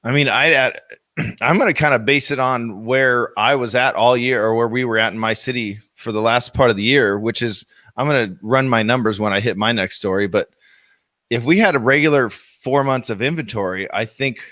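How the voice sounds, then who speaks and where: Male realtor co-host, bright forward tone, playful banter, dry sound. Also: medium pitch, normal speed, no echo. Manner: joking, laughs mid-sentence. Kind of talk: casual live show chat.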